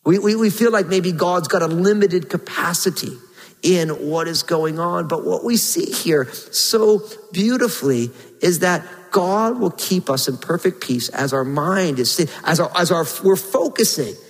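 High-voiced male pastor preaching. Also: expressive, unhurried, long reverb tail, poor audio. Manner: earnest, emphatic preaching with scripture readings. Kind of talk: sermon.

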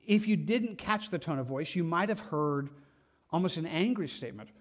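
A pastor preaching a sermon in a conversational, earnest way, often stopping to repeat himself and add "like.". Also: male voice, fairly high pitch, brisk.

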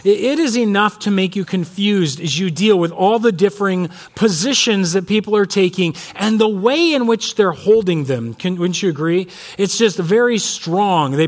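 A male pastor preaching in a loose, conversational way, leaning on fillers and restarts. His speaking voice sits fairly high for a man, and he moves between prayer and storytelling. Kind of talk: sermon with storytelling.

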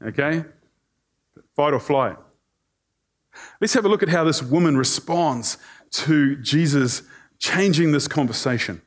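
A male preacher giving a conversational sermon, animated and joking with the congregation. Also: fairly high pitch, measured pace, long pauses.

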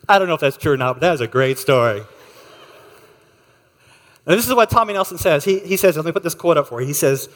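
A man gives a sermon in a hall with a long echo, his voice a little higher than most men's. He tells stories with energy, jumping into lively acted-out voices. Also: quick pace, long pauses. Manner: animated storyteller, acts out voices. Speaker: pastor. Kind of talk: sermon with storytelling.

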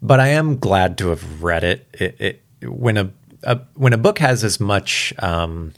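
A man's voice: lowish voice, animated, measured pace, creaky. A man casually talking about books to camera, rambling and chatty with amused asides. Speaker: book vlogger. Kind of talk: casual book talk.

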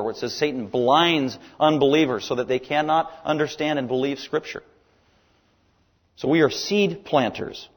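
A man's voice: mid-range voice, long reverb tail. A man preaching a sermon with emphatic delivery, his voice climbing on key words.

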